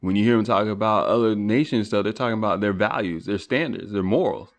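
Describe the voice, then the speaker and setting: A man's voice: on the low side, a little fast. A man hosting a podcast, talking through philosophical questions in a rambling monologue full of rhetorical questions and restarts. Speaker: podcast host.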